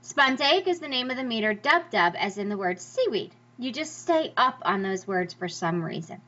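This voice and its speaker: A woman's voice: on the high side, expressive, fairly quick, sharp tone. A woman teacher giving a lecture over slides, talking emphatically and sounding out stress patterns in a sing-song way. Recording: slightly dull lo-fi recording.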